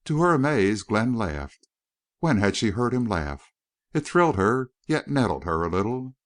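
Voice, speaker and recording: Lively low-voiced male audiobook narrator. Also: moderate pace, no echo, studio quality. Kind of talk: scripted narration.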